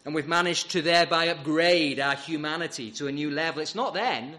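A man preaching a sermon, emphatic and rhetorical, with dramatic pauses. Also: on the high side, bright, forceful tone.

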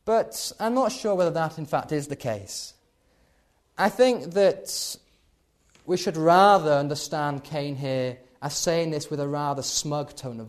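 A man preaching a sermon, building to loud emphatic peaks and then dropping low.

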